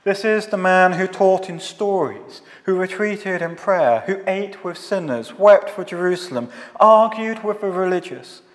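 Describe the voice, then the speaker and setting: A man preaches slowly and deliberately, his voice pitched a little high. He builds his points in long solemn rhetorical lists. The sound rings with the long reverb of a large hall. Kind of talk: scripted theological sermon.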